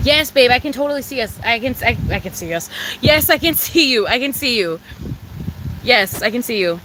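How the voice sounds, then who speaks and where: High-voiced young woman streaming live. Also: lively intonation, fairly quick, noisy background. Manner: bubbly and profane, talks to viewers. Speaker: livestreamer. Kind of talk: casual live chat. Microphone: phone.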